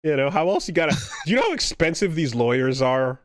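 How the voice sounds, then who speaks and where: A man's voice: fairly high pitch, sing-song, quick pace, no room sound. A man co-hosting a podcast, chatting casually and giving dry, wry reactions. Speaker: podcast co-host. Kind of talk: casual chat.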